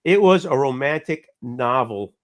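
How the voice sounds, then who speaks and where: A mid-pitched man hosts a live stream chat, teasing his guest and egging him on. He often restarts his sentences, and his voice sounds dry and close. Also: expressive, a little slow, no echo. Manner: teasing, encouraging, talks in restarts. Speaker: show host.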